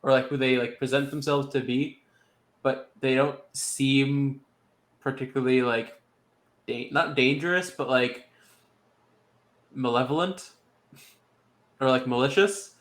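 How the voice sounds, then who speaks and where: A man's voice: mid-range voice, fairly even intonation, a little slow, pauses often, echoey room. A man playing in a tabletop game, rambling and hedging with many fillers as he thinks aloud. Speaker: player. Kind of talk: casual chat in character discussion.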